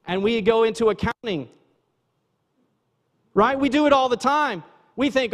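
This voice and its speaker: High-voiced pastor preaching in a reverberant church. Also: male voice, lively intonation, normal speed. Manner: conversational preaching, asides to the congregation. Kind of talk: sermon. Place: church sanctuary.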